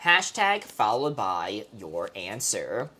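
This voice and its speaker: A woman's voice: very deep voice, big pitch swings, takes it slowly, bright, forceful tone. A woman hosting a live game stream, chatting playfully and laughing often as she thanks her viewers. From New York. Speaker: streamer host. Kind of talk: casual live-stream chat.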